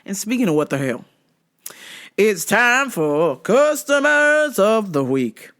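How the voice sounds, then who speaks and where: A woman hosting a podcast who tells stories in a profane, animated way, laughing often and acting out other people's lines. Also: mid-range voice, takes it slowly. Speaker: podcast host. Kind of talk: comedic storytelling.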